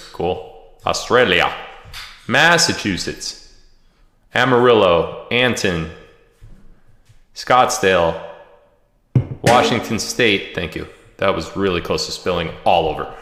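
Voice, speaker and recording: A man hosting a casual livestream at home, joking and reading viewer comments and shout-outs aloud. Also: low voice. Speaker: livestream host. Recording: echoey room with long reverb.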